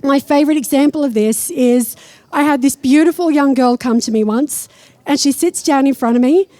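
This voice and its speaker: A woman's voice: sits high, normal speed, mellow, no echo. A woman psychic medium giving a blunt, irreverent stage talk and live readings to an audience. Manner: blunt and irreverent, swears freely.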